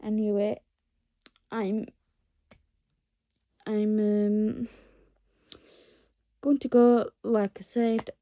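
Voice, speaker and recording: Slow, dark-voiced woman vlogging. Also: mid-range voice, little pitch movement, no echo. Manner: earnest, rambling, encouraging. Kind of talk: casual talk to camera.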